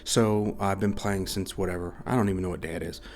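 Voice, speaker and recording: A man's voice: sits low, steady tone, fairly quick, darkish tone. A man from the United States chatting casually about a game he loves, rambling and repeating himself, short on sleep. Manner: rambling, repeats words, says okay a lot. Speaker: gaming YouTuber. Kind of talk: casual rambling video chat.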